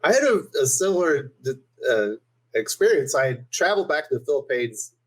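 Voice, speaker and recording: A man's voice: a little high, big pitch swings, brisk, poor audio. A man co-hosting a podcast, telling an exasperated story in casual chat. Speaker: podcast co-host.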